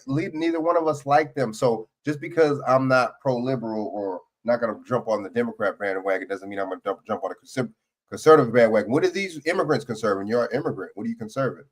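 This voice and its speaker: Male livestream host, mid pitch, blunt and profane casual commentary. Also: fast. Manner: blunt, profane, repeats "you know what I'm saying". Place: home studio, livestream.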